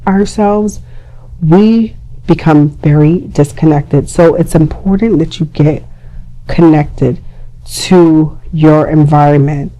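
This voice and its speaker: A young adult woman hosting a podcast, giving advice in a casual, chatty way with lively acted-out quotes. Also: low voice, rough recording. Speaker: podcast host.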